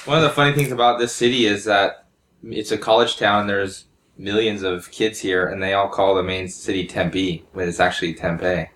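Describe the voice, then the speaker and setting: A man's voice: on the low side, steady tone, brisk, a bit bright, echoey room, a little hiss or hum. A man in casual chat with friends, explaining in a matter-of-fact way.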